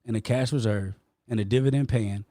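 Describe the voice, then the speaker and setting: A man's voice: lowish voice, fairly quick, mellow, dry recording, studio quality. Passionate, insistent male podcast host. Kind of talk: heated debate with a caller.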